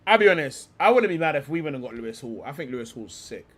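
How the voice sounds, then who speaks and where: Animated, profane young man. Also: on the high side, fast talker. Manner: animated and profane, heavy slang. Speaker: livestream host. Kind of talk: profane livestream rant.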